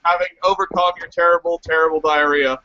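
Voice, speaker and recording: A man's voice: a little high, fairly even intonation, brisk, dull audio, noisy background. A man running a tabletop game as game master, narrating the scene in a dry, joking way over online voice chat.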